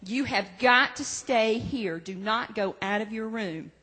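A woman's voice: fairly high pitch, measured pace, sharp tone, husky, full character voice. A woman voicing a stern mother who orders her child to stay in the room. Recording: reverberant church sanctuary.

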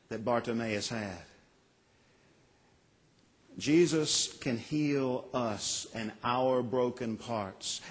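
A man preaching a sermon as a pastor, earnest with dramatic pauses and acted-out quotes. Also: medium pitch, big-room sound.

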